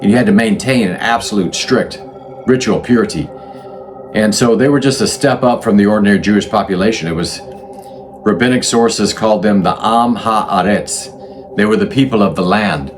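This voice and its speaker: A man with a somewhat low voice explains history in a relaxed, unscripted way. He often stops and restarts mid-phrase as he thinks aloud. Soft music plays faintly behind him. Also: normal speed. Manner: conversational, thinks aloud with restarts and self-corrections. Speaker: channel host explaining religious history.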